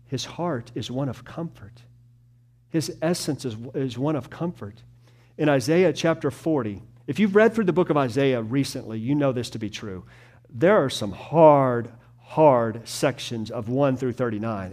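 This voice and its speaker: A pastor preaching a sermon, moving between slow, hushed tender passages and loud emphatic stretches. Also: male voice, medium pitch, expressive.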